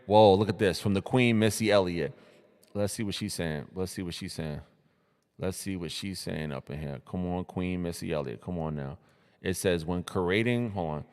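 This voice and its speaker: A young man from New City, hosting a casual live stream and reacting to social media posts in hyped, slangy talk full of repeated greetings and shout-outs. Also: sits low, moderate pace, long reverb tail. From New York City.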